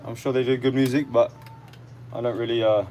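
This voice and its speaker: A man hosting a casual livestream, a fitness trainer answering viewers' questions in relaxed short lists. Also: mid-range voice, fairly quick, a little hiss or hum.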